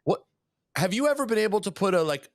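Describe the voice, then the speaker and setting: A man's voice: high-pitched, very animated, fast talker, dry recording, studio quality. A man co-hosting a casual podcast interview, asking long, rambling questions with a lot of restarts. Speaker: podcast co-host.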